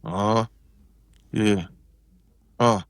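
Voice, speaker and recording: A man's voice: fairly low pitch, extremely slow, gravelly, clear, resonant tone, no room sound. Guy telling a story, acts out the other people's voices, dry mic. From South Carolina. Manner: animated, acts out quotes in shifting voices. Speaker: podcast guest. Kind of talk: casual storytelling.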